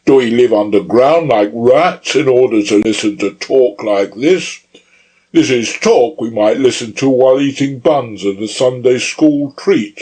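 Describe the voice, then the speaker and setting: A man reads as a fiery young man rousing a secret underground meeting, in an audiobook. He speaks at a slow, deliberate pace and declaims each line with force. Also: medium pitch, a little mellow, breathy edge, rough recording. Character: fiery young male anarchist orator.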